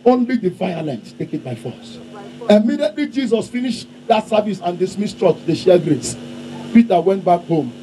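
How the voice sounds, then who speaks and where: A man preaching fiercely and leading an altar-call prayer, shouting out lines for the crowd to repeat. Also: high voice, lively intonation, moderate pace. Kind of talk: fiery crusade sermon and altar-call prayer. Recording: noisy open-air crusade with crowd.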